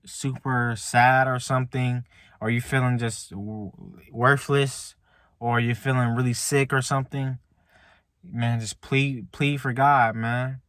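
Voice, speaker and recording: A man with a mid-range voice, recorded dry and clean like a studio, sits in a car sharing a faith testimony with his viewers. He's a relaxed vlogger who keeps tagging lines with "man" and "like" and restarts his sentences haltingly.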